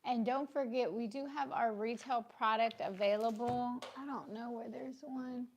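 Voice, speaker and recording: A woman, casually co-hosting a business livestream, brisk and teasing, with a sore throat. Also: on the high side, fairly even intonation, a little hiss or hum.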